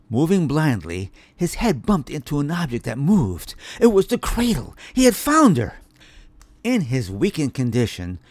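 A man reads a children's storybook aloud with a lively, expressive delivery. His pitch moves a lot to follow the drama, and the sound is close and dry. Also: dry recording. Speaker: narrator. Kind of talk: audiobook narration.

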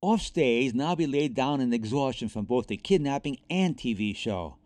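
A man reads a children's chapter book aloud, expressive and animated. His pitch swings widely through the lines, and the recording is dry with no room sound. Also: moderate pace, no room sound. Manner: lively, expressive read-aloud. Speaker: narrator. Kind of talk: storybook reading.

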